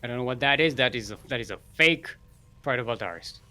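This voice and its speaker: A man's voice: medium pitch, animated, fast, pushed and bright, faint music behind. A man casting a live strategy game match in a rambling, chatty way with frequent fillers. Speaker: esports caster.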